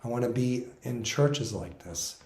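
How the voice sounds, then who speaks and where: A man's voice: mid-range voice, expressive, a little slow, darkish tone, reverberant. A man in his sixties telling a personal story in an earnest, reflective way, wandering and correcting himself as he goes. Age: 60s. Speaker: spiritual musician recounting his experiences.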